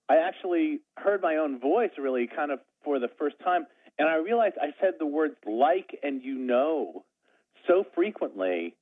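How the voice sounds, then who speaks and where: A man talking as an interview guest in a rambling, self-deprecating way, full of restarts. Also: a little high. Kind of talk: casual conversation. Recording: tinny phone line.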